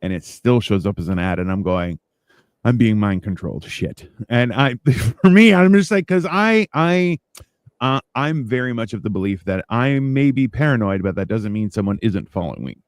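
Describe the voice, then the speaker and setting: Un uomo che conduce un podcast di chiacchiere informali, racconta storie animate e imita i dialoghi con voce più acuta. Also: male voice, moderate pace, no echo. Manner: animated storyteller, acts out exchanges in a higher voice. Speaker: podcast host. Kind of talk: casual chat.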